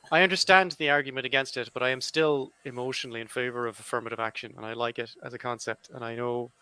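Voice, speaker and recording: A man's voice: mid-range voice, pushed and bright, smooth, no echo. A man on a debate panel, speaking in a sardonic, wryly teasing way. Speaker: panel guest, podcaster.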